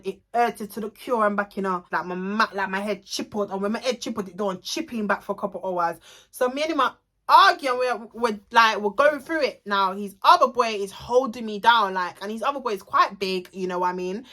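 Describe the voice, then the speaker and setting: Young girl telling a storytime, bright voice, animated and swearing a lot. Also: medium pitch, a little fast. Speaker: vlogger. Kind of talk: storytime vlog.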